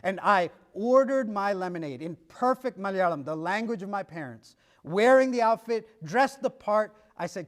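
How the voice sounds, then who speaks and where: A man's voice: sits high, lively intonation, a little fast. A middle-aged man preaching, telling stories and acting out dialogue with shifts of pace and volume. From United States. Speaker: pastor. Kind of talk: sermon.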